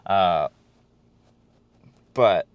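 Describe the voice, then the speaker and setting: A man's voice: deep voice, very slow, clean tone, dry recording, dull audio. A man co-hosting a podcast, chatting casually and rambling a bit, with fillers and the odd swear. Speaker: podcast co-host. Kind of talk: casual wrestling chat.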